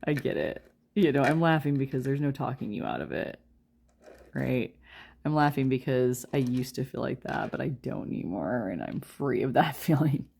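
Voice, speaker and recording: A young woman giving a casual tarot reading, chatty and quick to laugh as she talks straight to her viewers. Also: extremely low pitch, lively intonation, gravelly, a little mellow, slightly rough. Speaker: tarot reader.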